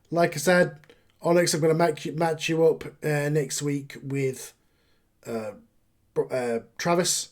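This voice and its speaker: Brief: upbeat male game master with a slightly high voice and a casual tabletop narration style. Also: steady tone, unhurried.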